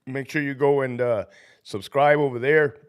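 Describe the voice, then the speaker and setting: A man's voice: medium pitch, steady tone, moderate pace, smooth. A man hosting a casual livestream, a former prison officer who is sick and feverish, swearing heavily, ranting and laughing often between greetings to viewers.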